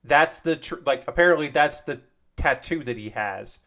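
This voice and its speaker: A man streaming while he builds a model kit, casually chatting and retelling an anime episode in a rambling, animated way. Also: on the high side, moderate pace.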